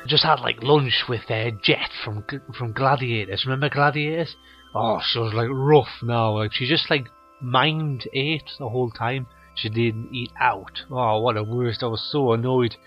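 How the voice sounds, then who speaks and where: A man's voice: mid-range voice, steady tone, a little slow, muffled recording, soft background music. A man hosting a comedy show, telling absurd rambling stories full of you know and like. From North East England. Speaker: comedy podcast host.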